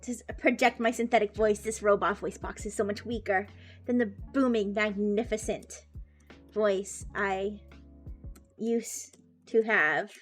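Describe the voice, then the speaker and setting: A woman's voice: medium pitch, fairly even intonation, a little slow, faint music behind, natural voice. A woman doing a pompous robot fish doctor. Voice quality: loud projecting voice. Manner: grandiose, indignant and defensive.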